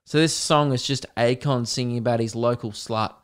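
A man's voice: mid-range voice, steady tone, normal speed, smooth. A man with an Australian accent hosting a casual solo podcast, rambling and swearing as he tells a story. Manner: rambling, swears, sings song snippets. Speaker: podcast host.

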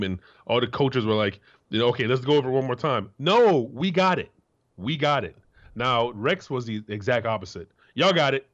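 A man in his forties from Florida, co-hosting a sports talk show as a former player, blunt and profane, jumping into a high voice to act out quotes. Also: dull audio. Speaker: co-host, former NFL player.

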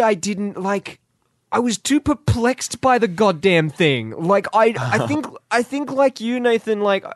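A man's voice: high-pitched, no room sound, studio quality. A man hosting a podcast, rambling and swearing freely in exasperated rants. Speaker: podcast host. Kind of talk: casual podcast chat.

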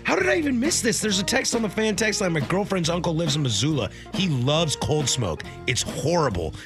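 A man's voice: a little high, sing-song, brisk, over music. Upbeat, playful male sports host. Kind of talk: casual sports radio banter.

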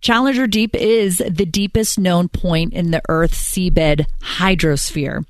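A woman co-hosting a casual show, telling a news story with playful asides and animated storytelling. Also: fairly low pitch, slow pace, no echo, clean studio sound. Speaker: co-host. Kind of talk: casual radio show banter.

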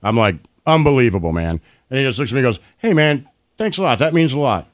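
A man's voice: medium pitch, big pitch swings, fast talker. A middle-aged man hosting a casual podcast, telling profane stories and acting out the quotes. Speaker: podcast host. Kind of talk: casual storytelling chat.

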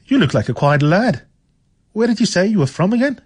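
A man reads aloud and puts on a nosy middle-aged landlady, pitched higher and pushed a little louder. She is chatty and blunt and won't let a point go. Her voice is slightly husky. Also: sing-song, brisk, heavily acted. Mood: gossipy. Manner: chatty and pushy. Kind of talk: reading a novel aloud on radio.

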